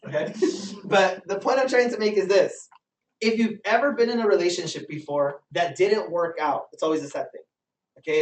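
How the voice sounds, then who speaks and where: A man's voice: high voice, far from the mic. Man coaching a group in an echoey room. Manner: energetic, keeps asking the audience questions and repeats himself for emphasis. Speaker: business trainer. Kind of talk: motivational training talk to a live group. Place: meeting room with a live audience.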